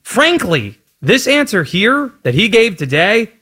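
Guy hosting a sports show, bit high, lively up and down voice, conversational. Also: measured pace, slightly rough. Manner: conversational, tosses segments to the co-host. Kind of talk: sports talk, segment hosting.

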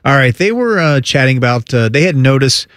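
A man's voice: medium pitch, sing-song, brisk, a bit bright, no echo. Man, radio producer, hesitant, filler words, dry close sound. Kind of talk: casual studio talk.

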